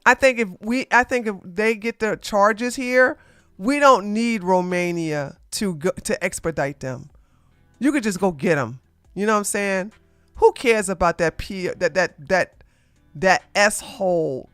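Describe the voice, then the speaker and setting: Animated live stream commentator, crisp dry voice. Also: medium pitch, measured pace, no echo, soft background music. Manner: animated, talks back to the live chat, scolds and laughs.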